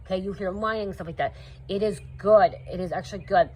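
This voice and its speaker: A woman's voice: mid-range voice, fast, darkish tone, breathy edge. A woman giving earnest spiritual advice in a casual, rambling monologue, often adding "you know" and "okay?". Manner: earnest, coaching tone addressing viewers. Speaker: spiritual content creator.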